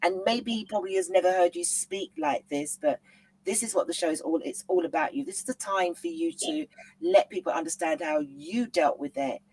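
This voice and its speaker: A woman hosting a talk show, gently encouraging and soothing her guest as she asks questions. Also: lowish voice, lively intonation, moderate pace, breathy edge, no echo, poor audio.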